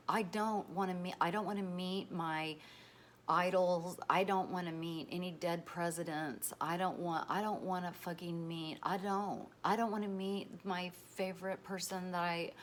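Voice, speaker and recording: A woman's voice: on the low side, slight background noise. A woman vlogger talking candidly to her followers, emphatic and frank, swearing freely and repeating herself as she works through her thoughts. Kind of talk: candid personal monologue to followers.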